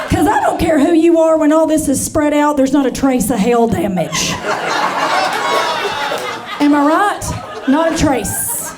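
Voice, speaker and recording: A woman's voice: high voice, normal speed. A woman in her forties doing a stand-up comedy set on stage, brassy and chatty, calling the crowd honey and y'all. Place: comedy stage before a live audience. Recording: live comedy show with crowd laughter.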